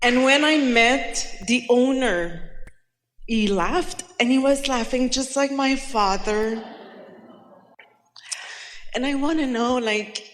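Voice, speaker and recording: Slow, halting woman in a hall. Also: high voice, a little hiss or hum. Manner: halting, with many fillers and restarts. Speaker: audience member asking a question. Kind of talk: telling a personal story. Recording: long reverb of a large hall.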